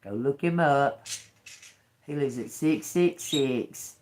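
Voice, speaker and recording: A woman's voice: extremely low pitch, takes it slowly, background noise. A woman giving a casual livestream tarot reading to her viewers, chatty, laughing often and swearing freely. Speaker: tarot reader.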